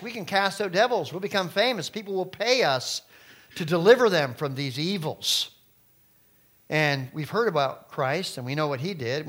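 Emphatic middle-aged male preacher. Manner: emphatic, swings between loud stresses and quiet low asides. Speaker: pastor. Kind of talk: sermon.

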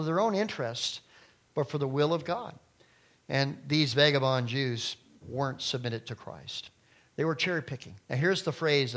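A middle-aged man preaching a sermon as pastor, emphatic, with loud stressed phrases and quiet low asides.

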